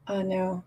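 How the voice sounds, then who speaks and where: A woman ranting on her live stream, upset and agitated, talking in halting bursts with lots of restarts and swearing. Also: mid-range voice, dark tone, slightly rough. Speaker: livestreamer. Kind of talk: casual live-stream rant.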